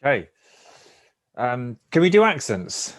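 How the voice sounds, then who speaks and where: A man's voice: medium pitch, big pitch swings, measured pace. A man chatting as a regular on a comedy podcast, self-deprecating and laughing easily. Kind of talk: casual comedy podcast chat.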